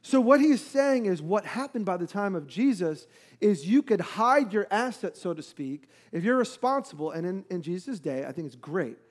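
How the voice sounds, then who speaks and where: Male pastor, higher voice, relaxed conversational sermon delivery, explains verses plainly. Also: moderate pace. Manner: explanatory, conversational teaching with fillers.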